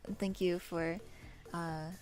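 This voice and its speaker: A woman's voice: fairly low pitch, fairly even intonation, slow pace, a little mellow, soft background music. Giggly young woman streamer. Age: young adult. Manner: giggly, self-deprecating, rambling. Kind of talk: casual livestream chat.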